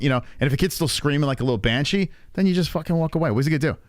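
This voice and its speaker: A man's voice: a little high, rapid-fire, dry recording, clean studio sound. A man hosting a casual reaction stream, laughing a lot and swearing as he comments on a clip. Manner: laughing, crude, animated commentary. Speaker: streamer host.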